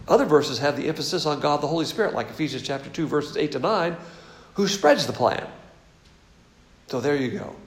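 A man's voice: a little high, echoey room. A man with a Southern US accent teaching the Bible in a folksy, conversational sermon with asides.

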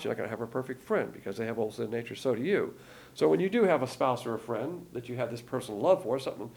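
Gravelly husky-voiced man teaching scripture. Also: medium pitch. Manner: emphatic, repeats key words, frequent fillers and restarts. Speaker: Bible teacher. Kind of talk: sermon-style Bible lesson.

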